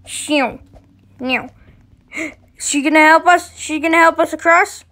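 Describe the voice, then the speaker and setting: A woman giving casual gameplay commentary, excitable, often shrieking and giggling as she plays. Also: very high voice, moderate pace.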